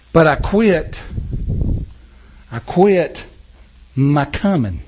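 A man preaching a sermon as pastor in his church, his voice pitched high. He swings widely up and down with passion and calls out to the congregation as he goes. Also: animated, slow, long pauses, a little mellow. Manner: impassioned, talks with the congregation.

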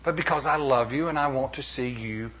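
A middle-aged man preaching a sermon as pastor, animated, with playful asides and acted-out quotes. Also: mid-range voice, fairly quick, husky.

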